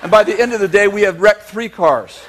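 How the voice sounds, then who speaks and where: A male preacher telling a long, humorous story in a sermon, animated and chuckling, with emphatic asides. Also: high voice, a little fast.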